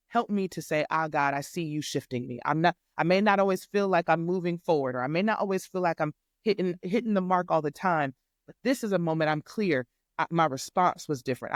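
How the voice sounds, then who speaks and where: A woman guest on a podcast, a life coach, telling a faith testimony in an animated, emphatic way and acting out the dialogue. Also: fairly low pitch, dry recording, clean studio sound. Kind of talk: faith testimony storytelling in casual chat.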